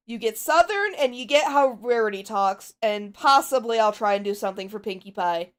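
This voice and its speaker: Chatty woman gamer, slightly high. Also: lively intonation, moderate pace, hardly any pauses. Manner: chatty, giggly aside. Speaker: gaming creator. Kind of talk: casual game commentary.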